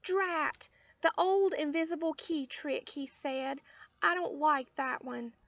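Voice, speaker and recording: A woman's voice: high voice, takes it slowly, a bit bright, no room sound, full character voice. A woman voicing a plotting, dramatic little boy in a storybook reading. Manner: dramatic, plotting, drops to a whisper. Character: scheming little boy Sheldon. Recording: dull lo-fi audio.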